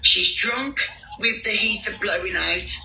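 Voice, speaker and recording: A woman's voice: mid-range voice, a little slow, gravelly, sharp tone, slight background noise, poor audio. A woman giving blunt opinions as a guest on a live stream, listing her points one by one.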